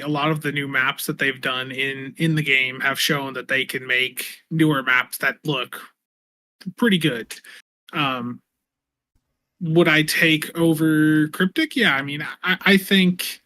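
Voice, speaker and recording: A man's voice: fairly high pitch, fairly even intonation, a little slow, bright, forceful tone. A man on a casual podcast panel, earnest and often repeating words as he starts. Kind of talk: casual discussion.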